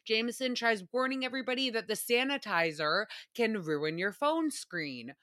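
A woman hosting a podcast, telling stories in a casual, animated way with plenty of swearing. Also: on the high side, moderate pace, no room sound, clean studio sound. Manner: animated, profane storytelling. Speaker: podcast host.

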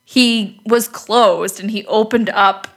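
A young woman co-hosting a casual podcast chat, telling an animated story and swearing freely. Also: medium pitch, takes it slowly. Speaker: podcast co-host.

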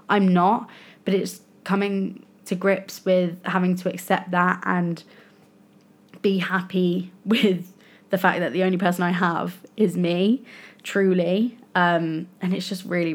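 Woman, young adult, solo podcast host, frustrated venting, slightly low voice. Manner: frustrated, venting, self-critical. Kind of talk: candid solo podcast monologue.

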